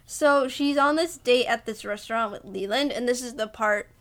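Higher-voiced woman recapping a movie. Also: moderate pace, a bit bright. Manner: recaps plot, acts out lines. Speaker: podcast co-host. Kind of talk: casual film recap.

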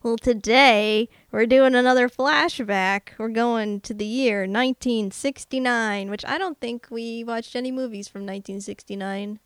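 A woman's voice: on the high side, fairly even intonation, normal speed, hardly any pauses, clean tone, dry recording, studio quality. A woman co-hosting a podcast in casual chat who laughs easily. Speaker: podcast co-host.

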